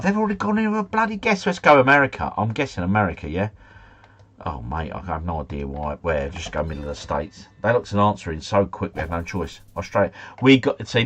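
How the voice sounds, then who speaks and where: Low husky man commentating a game. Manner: chatty, mutters asides, mild swearing, easily flustered. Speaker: streamer playing a geography game. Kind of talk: casual live commentary.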